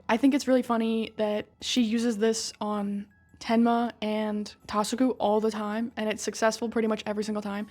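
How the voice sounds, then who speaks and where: A woman's voice: mid-range voice, little pitch movement, moderate pace, a little mellow, faint music behind. A woman retelling a story in a casual, chatty recap, swearing freely and filling her talk with "like" and "right?". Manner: chatty and profane, full of "like" and "right?". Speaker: video creator recapping a game story.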